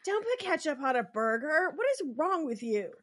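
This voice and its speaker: A woman's voice: high voice, big pitch swings, normal speed. A woman co-hosting a podcast, chatting casually and opinionatedly, with lots of "like". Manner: chatty, opinionated, heavy use of "like". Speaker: podcast co-host. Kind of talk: casual recap chat.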